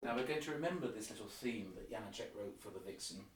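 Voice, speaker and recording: A man's voice: fairly low pitch, expressive, quick pace, recorded from a distance. Man guiding listeners through an opera. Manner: explanatory, sings or hums short motifs to illustrate. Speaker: opera guide. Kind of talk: guided listening tour with piano examples. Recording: roomy, off-mic, with piano.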